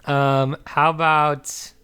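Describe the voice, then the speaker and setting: A man co-hosting a podcast in casual chat, relaxed and laughing often. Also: a little high, very slow, smooth. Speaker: podcast co-host. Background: remote call.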